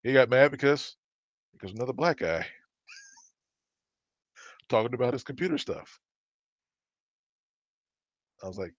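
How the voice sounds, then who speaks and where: A man's voice: medium pitch, slow pace, long pauses, dry recording. A man chats casually and tells stories from his working life, jumping into the voices of the people in them. His voice sits in a middle register. The recording is dry and a little dull, like lo-fi audio. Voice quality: animated, acts out quoted dialogue. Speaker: podcast guest telling work stories. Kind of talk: casual storytelling chat.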